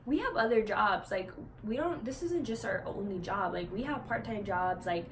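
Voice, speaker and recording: A woman's voice: medium pitch, moderate pace, a little hiss or hum. A young woman vlogger telling a story in a chatty way, full of "like" and swearing, acting out what other people said. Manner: acts out what others said in lively quoted voices. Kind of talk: casual storytelling to camera.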